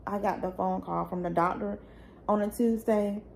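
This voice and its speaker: A young woman tells her own painful story straight to the camera. Her voice is raw and tearful, and it climbs into pleading when she gets upset. Her pitch is average, with faint background noise behind her. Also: fairly even intonation, moderate pace, creaky, darkish tone. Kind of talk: emotional personal storytelling.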